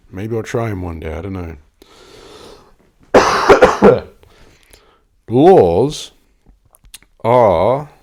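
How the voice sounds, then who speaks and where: A man with a deep, low voice hosts a casual solo podcast. He rambles and swears, cutting himself off mid-word and chuckling between thoughts. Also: a little mellow. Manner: rambling, sweary, self-interrupting, laughs often. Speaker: podcast host.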